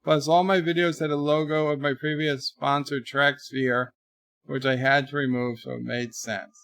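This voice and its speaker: Gravelly chat-reading stream host. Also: male voice, mid-range voice, level tone, moderate pace, no room sound, studio quality. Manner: chatty, rambling, trails off quietly.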